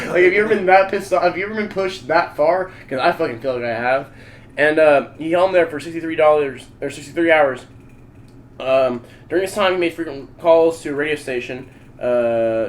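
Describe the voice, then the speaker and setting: A man hosting a podcast, telling a story in casual chat, profane, rambling and excitable. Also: a little high, a little hiss or hum. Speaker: podcast host.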